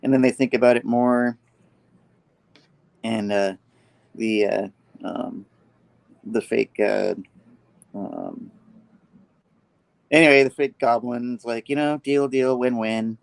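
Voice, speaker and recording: A man hosting a show, casually recapping a comic book and quickly acting out each character's lines. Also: medium pitch, vocal fry, no echo. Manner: animated retelling, acting out characters' lines with laughs. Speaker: host.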